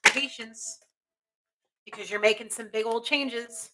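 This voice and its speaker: Over very noisy audio, a woman around forty speaks in a high-leaning, steady voice at a measured pace. She hosts a live spiritual reading and answers chat, emphatic and encouraging, repeating phrases, restarting often, and asking "okay?".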